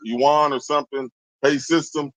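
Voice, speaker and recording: A man's voice: on the high side, steady tone, normal speed, fairly bright tone, poor audio. A man in a casual group discussion, explaining points in a casual, profane way.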